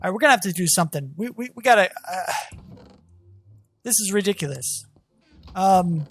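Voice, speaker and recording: Excitable, exasperated gameplay commentator. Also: mid-range voice, normal speed, pauses often, husky, soft background music. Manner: talks to viewers as "guys". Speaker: gaming channel host.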